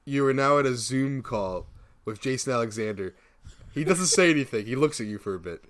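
A man co-hosting a comedy podcast who adds deadpan, absurd riffs in casual banter. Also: medium pitch, a little fast. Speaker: podcast co-host. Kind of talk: improvised comedy chat.

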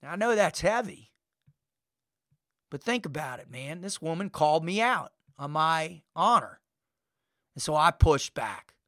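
A man's voice: a little high, very animated, measured pace, pauses often, sharp tone, no room sound, clean studio sound. A man hosting a podcast, telling a story in an emphatic, fired-up way with repeated phrases. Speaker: podcast host. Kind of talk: storytelling monologue.

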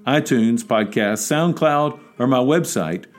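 A man's voice: mid-range voice, takes it slowly, soft background music. A man preaching a devotional podcast sermon, exhorting and emphatic, building to urgent peaks.

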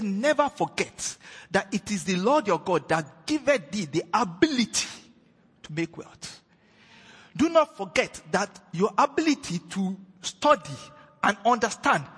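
A man preaching a sermon, emphatic, moving between loud declarations and hushed retellings of scripture. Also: high-pitched, sing-song, a little slow, breathy edge. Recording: long hall reverb.

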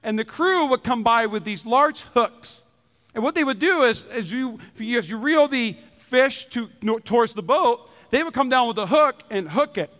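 A pastor from Minnesota preaching a sermon with humorous stories, repeating key lines for emphasis. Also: male voice, very high-pitched, animated, moderate pace, fairly bright tone, in a large hall. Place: church.

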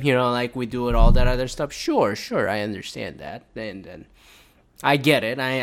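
A man hosting his own show alone from home, talking in a loose, rambling and heavily profane way. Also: medium pitch. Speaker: podcast host. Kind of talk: casual solo monologue. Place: at home indoors.

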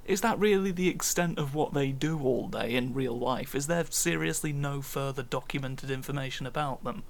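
A man's voice: medium pitch, normal speed, gravelly. A man co-hosting a podcast, talking in a polite, wry way. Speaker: podcast co-host. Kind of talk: comedic casual chat.

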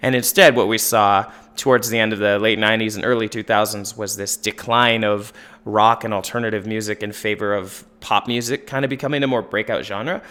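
Man, podcast panelist, casual album review, bright crisp voice, rambling, filler-heavy. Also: lowish voice. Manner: relaxed, rambling, many fillers and restarts.

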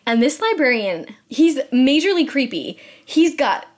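A young woman co-hosts a podcast with a fairly high voice, chatting in a lively, playful way. She is a teacher training to be a librarian and jokes easily with her co-host. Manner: animated, chatty, quick to joke. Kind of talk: casual chat.

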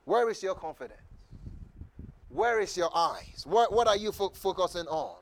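A man preaching a sermon as pastor, fervent and rising to shouted calls for the congregation to repeat after him. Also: sits high, very animated, normal speed.

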